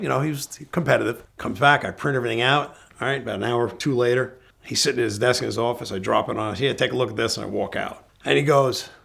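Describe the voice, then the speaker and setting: Gravelly middle-aged car dealer telling stories. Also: male voice, medium pitch. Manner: lively storyteller who acts out dialogue. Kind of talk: storytelling anecdote.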